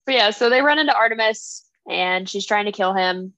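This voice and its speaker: A woman co-hosting a casual book club podcast, retelling a story in an animated way with lots of fillers. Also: medium pitch, normal speed, dry recording, lo-fi sound. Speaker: podcast co-host.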